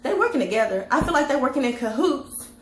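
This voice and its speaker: Female vlogger, young, loud and foul-mouthed, lively high voice, roomy echo, faint noise. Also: fast. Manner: brash, profane, laughs often. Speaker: TV recap vlogger. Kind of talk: casual reality-TV recap. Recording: echoey room with faint hiss.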